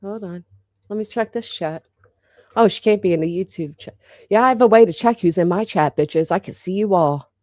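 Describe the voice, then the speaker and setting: Brief: thirties woman, live-stream host, mid-pitched, brash and chatty, swears, teases the chat; close, dry recording. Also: moderate pace, a little mellow, dry recording. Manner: brash, chatty, swears freely, teasing viewers. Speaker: livestream host. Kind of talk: casual live-chat banter.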